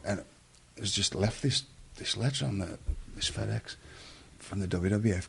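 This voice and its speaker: A man's voice: on the low side, moderate pace, gravelly, few pauses, darkish tone, husky. A middle-aged English man telling a long story in a casual interview, rambling and interrupting himself. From England. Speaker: guest.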